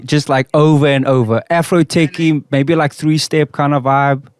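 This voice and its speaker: A man's voice: fairly high pitch, steady tone, normal speed, clear, resonant tone. A man from South Africa co-hosting a casual podcast, telling stories and laughing often. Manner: storytelling, laughing often, says bro a lot. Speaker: podcast co-host. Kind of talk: casual chat. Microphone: studio mic.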